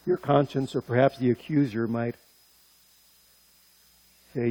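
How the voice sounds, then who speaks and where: A male preacher delivering a sermon, impassioned and speaking directly to his listeners, pushing his voice higher and louder on key points. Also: fairly even intonation, unhurried, long pauses, dry recording, low-quality recording. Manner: impassioned, rising in pitch and loudness on key points.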